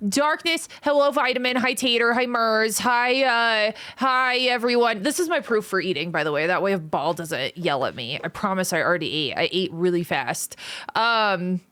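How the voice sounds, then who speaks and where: A young adult woman livestreams, chatting casually and playfully while teasing and greeting viewers by name. Her mid-range voice is animated and fairly bright at a moderate pace, in a dry recording.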